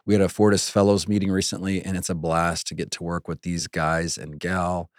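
A man's voice: sits low, flat delivery, brisk, dry recording, clean studio sound. A man hosting a faith podcast, teaching in an earnest, conversational way with the odd laugh. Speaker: podcast host and Bible teacher. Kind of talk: casual teaching talk.

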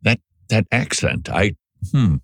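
A man's voice: lowish voice, lively intonation, takes it slowly, vocal fry, heavy background noise. A man hosting a commentary show, talking straight at listeners in an emphatic, sarcastic way and stumbling over his words when he reacts. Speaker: commentary host. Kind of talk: political commentary monologue.

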